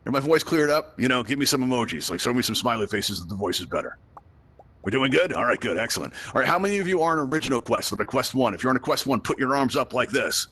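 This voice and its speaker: A man's voice: mid-range voice, animated, fast talker, bright, forceful tone, breathy edge. A man from Brooklyn hosting a live virtual reality tutorial. He is chatty and joking, and often checks in with the audience by asking "right?". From Brooklyn, United States. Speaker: virtual reality event host and instructor.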